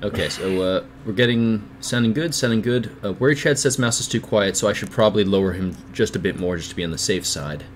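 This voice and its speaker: A man's voice: lowish voice, brisk, hardly any pauses, a little hiss or hum. A man hosting a livestreamed podcast, chatting casually and rambling, with lots of fillers and restarts. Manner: rambling, self-deprecating, many fillers and restarts. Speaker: podcast host.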